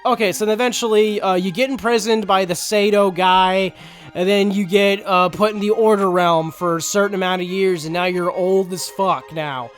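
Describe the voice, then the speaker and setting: A man's voice: sits high, fairly even intonation, normal speed, soft background music. A man giving a casual, sarcastic, profanity-laced recap of a game story as a reviewer.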